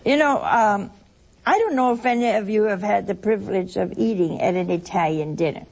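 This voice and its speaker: A woman's voice: mid-range voice, moderate pace, creaky, darkish tone, a little hiss or hum. A woman giving a conversational sermon to her listeners, telling stories and often laughing as she talks. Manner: chatty storytelling, laughs through her anecdotes. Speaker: religious speaker addressing listeners.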